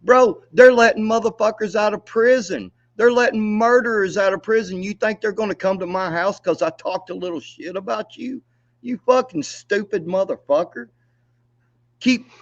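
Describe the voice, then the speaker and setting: Ranting high-voiced man, lo-fi. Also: expressive, normal speed. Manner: angry, profane, taunting, laughs mockingly. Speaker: livestream co-host. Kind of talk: heated livestream rant.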